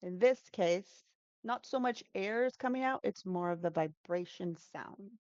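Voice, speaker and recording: A woman's voice: mid-range voice, unhurried, a little mellow, no room sound, muffled recording. A woman who teaches English, talking through pronunciation tips in a casual interview, explaining patiently and demonstrating sounds with frequent fillers.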